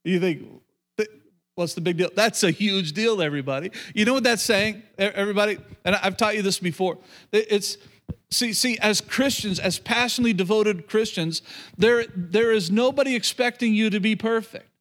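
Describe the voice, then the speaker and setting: A man's voice: sits high, fairly quick, fairly bright tone. A middle-aged man preaching to a congregation, repeating phrases and restarting sentences as he calls out to the room. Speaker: pastor. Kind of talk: sermon.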